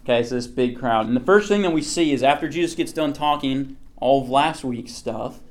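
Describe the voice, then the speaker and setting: A man's voice: mid-range voice, fairly quick. A man teaching a casual Bible lesson to a group. He talks conversationally and keeps checking in with his listeners.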